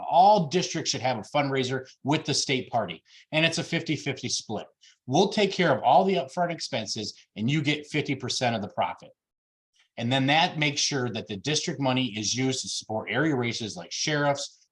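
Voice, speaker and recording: A man making an emphatic campaign pitch on a video call, getting worked up, with frequent fillers. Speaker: party officer candidate presenting plans.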